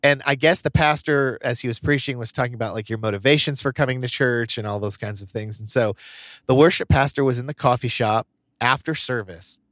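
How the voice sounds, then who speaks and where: A man's voice: mid-range voice, a little fast, a bit bright, dry recording, clean studio sound. Chatty laughing male podcast host. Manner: chatty storyteller, laughs often. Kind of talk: casual podcast chat.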